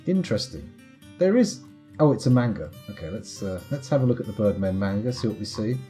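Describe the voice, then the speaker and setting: A man's voice: fairly low pitch, very animated, brisk, mellow, soft background music. A man giving casual, rambling commentary over a live game stream, full of wry, self-mocking asides. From United Kingdom.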